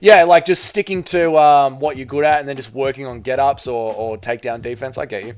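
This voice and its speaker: A man's voice: medium pitch, fairly even intonation, fairly quick, a little mellow, smooth. An Australian man hosting a casual live stream, reading out chat messages, swearing freely and bantering with viewers. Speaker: livestream host reading chat.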